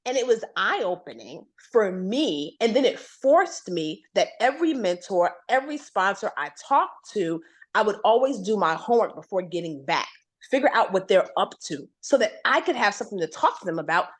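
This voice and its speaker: A woman guest telling a long career story in a conversation, acting out what others said to her with big jumps in pitch. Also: moderate pace. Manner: animated, acts out quoted voices with big pitch jumps.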